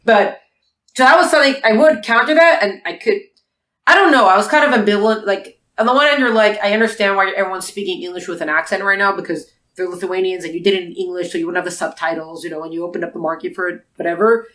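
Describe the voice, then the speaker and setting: A woman's voice: mid-range voice, fast, fairly bright tone. A woman co-hosting a casual book podcast, talking in long rambling stretches full of restarts. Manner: chatty, rambling, lots of restarts. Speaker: podcast co-host. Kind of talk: casual book review chat. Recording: echoey room.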